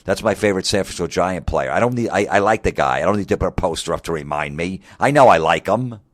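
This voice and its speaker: A man's voice: low voice, fairly bright tone, no echo, studio quality. A comedian in his forties delivering an angry, mocking, profane comedic rant. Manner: angry, mocking, heavy swearing.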